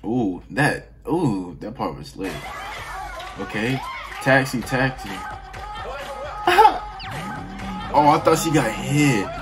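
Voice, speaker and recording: A man hosts a reaction video with casual commentary, speaking slowly in an animated, mid-range voice. He's laid-back and chatty, laughing and yawning often. Music from the video he's reacting to plays clearly behind him, along with crowd noise.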